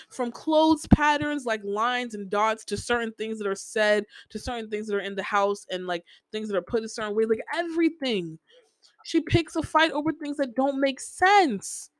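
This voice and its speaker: A woman's voice: on the high side, dry recording. Emotional young woman telling a story. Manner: emotional, heavy use of "like", swearing. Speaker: podcast host. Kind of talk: personal storytelling podcast.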